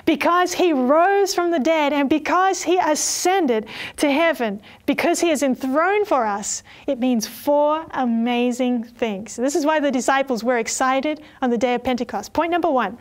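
A woman preaching a sermon, reading scripture and telling stories in an earnest, expressive way. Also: high voice, normal speed, hardly any pauses.

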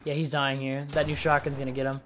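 A man giving casual, chatty commentary on gameplay, excitedly calling out moves and tossing in "dude" and "bro.". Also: mid-range voice, fast, slight background noise. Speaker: gaming YouTuber.

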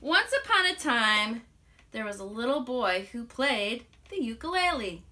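A woman music teacher telling a children's story aloud, animated and expressive, with playful sound effects. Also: on the high side, moderate pace. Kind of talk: storytelling to children with ukulele song.

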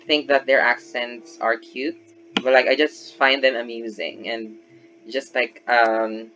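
A man from the Philippines with a Filipino accent, hosting a casual video chat in a relaxed, opinionated way with many likes. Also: medium pitch. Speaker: host. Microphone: video call. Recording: dull lo-fi video call audio.

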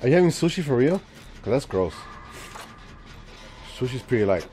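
A forty-something man speaks at normal speed in a medium pitch while live-streaming a game. He's chatty and joking with his chat, lively enough to jump from mumbling to loud exclamations.

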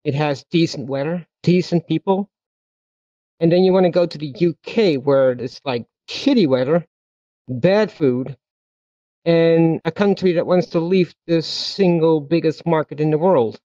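A man co-hosting a casual chat, blunt and exasperated, with a mellow, dark voice. The sound is dry and slightly dull, as if from a lo-fi mic. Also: on the high side, unhurried, no room sound. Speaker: co-host.

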